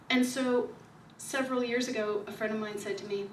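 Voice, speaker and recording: A woman's voice: medium pitch, slight background noise. Woman speaking in an echoey room. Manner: calm, repetitive, slows down to stress key ideas. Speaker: author speaking at a book signing. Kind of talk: spiritual talk to a small audience. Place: room at a book signing. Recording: echoey room recorded from far off.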